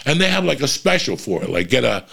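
Man, gravelly voice, middle pitch, exasperated profane rant, constant swearing. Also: very animated, quick pace, fairly bright tone. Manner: storytelling with quoted asides. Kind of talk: profane ranting monologue.

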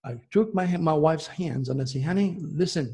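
A man telling a personal story in a rambling, excitable way, with many restarts. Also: fairly high pitch, moderate pace, vocal fry, husky. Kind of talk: casual storytelling.

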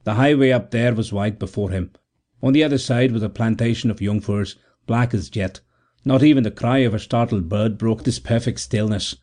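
A man narrating a classic story for an audiobook in a measured, steady way. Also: on the low side.

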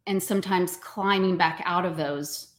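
A woman's voice: lowish voice, steady tone, unhurried. Emphatic, upbeat woman guest. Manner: upbeat, emphatic, laughs easily. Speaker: guest, actor. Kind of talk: casual interview chat.

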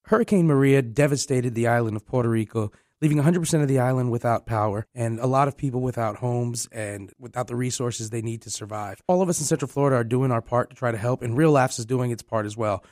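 A man's voice: medium pitch, fast talker, few pauses, darkish tone, no room sound, clean studio sound. A man reading an earnest announcement for a benefit comedy show. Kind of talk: read announcement.

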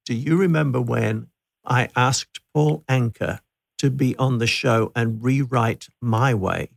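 A man with a gravelly, creaky voice hosts a podcast in easy casual chat. He laughs often as he tells stories. The sound is dry and close. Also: medium pitch, takes it slowly, no echo. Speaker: podcast host.

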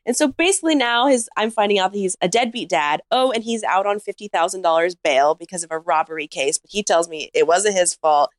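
A woman, a podcast guest, telling a comic story in a casual, animated way with lots of "like.". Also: mid-range voice, fairly quick, few pauses, no echo, clean studio sound. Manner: animated anecdote-teller, heavy use of "like".

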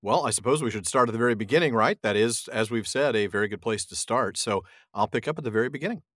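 A man co-hosting a podcast, reading a novel aloud with measured, dramatic delivery and then chatting about it casually. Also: a bit bright, no room sound, clean studio sound. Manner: dramatic, measured reading voice that drops low for narration.

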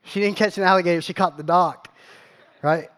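A man with a drawl preaches from the pulpit in a fairly high voice. He tells his story in an animated, rambling way, doubling back on his words. He keeps checking in with the congregation as he goes. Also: fairly quick. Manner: animated, repeats words, asks the crowd questions. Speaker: pastor. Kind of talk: storytelling sermon.

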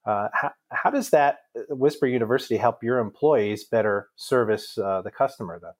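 A man's voice: mid-range voice, moderate pace. A man co-hosting a podcast, asking long, hesitant questions full of fillers. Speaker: podcast co-host. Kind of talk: interview questions.

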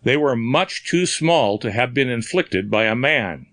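A man's voice: mid-range voice, animated, unhurried, a bit bright, no echo. A man voicing a puzzled, brusque middle-aged doctor in a storybook reading. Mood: grave.

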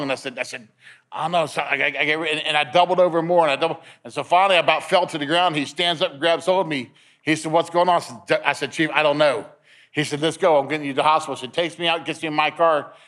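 A man's voice: fairly high pitch, fairly bright tone. A middle-aged man gives a testimony sermon at a men's meeting, telling his story with many restarts and acting out the dialogue.

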